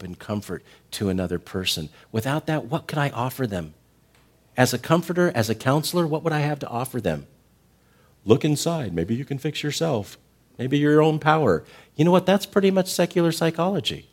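A middle-aged man preaching a sermon, animated, rising to loud emphatic peaks and falling to soft, tender passages. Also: mid-range voice. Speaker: pastor.

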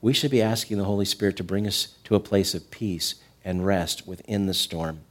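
A middle-aged man preaching a sermon, animated, rising to loud emphatic peaks and falling to soft, tender passages. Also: low-pitched, normal speed. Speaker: pastor.

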